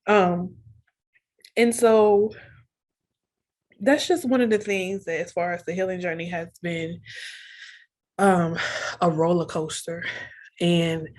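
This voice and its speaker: A young woman telling her own story of pregnancy loss, candid and earnest, reenacting her own thoughts as she goes. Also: lowish voice. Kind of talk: emotional personal storytelling.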